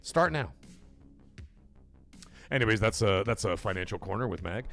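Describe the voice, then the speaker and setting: Hosting a gaming livestream, a man rants casually and animatedly, swearing freely, with big pitch jumps and loud bursts. He talks fast in a gravelly voice, with faint music behind him.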